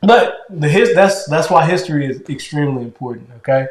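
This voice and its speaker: A man co-hosting a relationship podcast with his wife, with a naturally loud voice and a loose, conversational way of talking. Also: on the high side, brisk, roomy sound. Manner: conversational, loose and animated, keeps checking in with "right?". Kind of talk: casual relationship talk.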